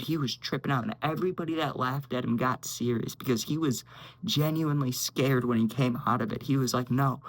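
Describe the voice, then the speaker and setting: A man's voice: mid-range voice, poor audio. A young man casually telling a story, rambling and saying "dude" constantly while acting out what others said. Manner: rambling, says "dude" constantly, acts out quotes.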